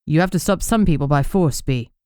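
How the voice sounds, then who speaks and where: A woman voicing a steady, protective man who speaks in a low, soothing but firm way. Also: brisk, clear, resonant tone, dry recording, clean studio sound.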